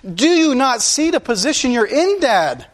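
A man's voice: very high-pitched, big pitch swings, moderate pace, exaggerated voice. A man voicing an earnest young prince pleading with his father.

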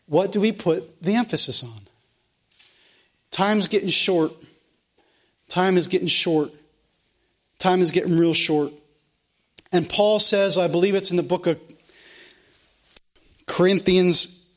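A middle-aged male pastor preaching a sermon in church, emphatic and repetitive, slowing and rising at his climaxes. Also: on the high side. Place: church sanctuary.

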